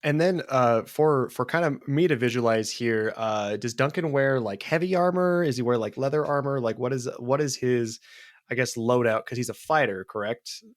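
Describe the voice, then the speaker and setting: A man's voice: mid-range voice, moderate pace, dry recording, studio quality. A man playing as a guest on a tabletop role-play podcast, narrating hesitantly with many fillers. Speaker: guest player.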